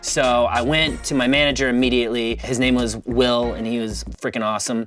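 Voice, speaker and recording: A male comedian telling a story with crude, animated delivery and lots of profanity. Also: medium pitch, brisk, few pauses, far from the mic, soft background music. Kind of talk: stand-up storytelling.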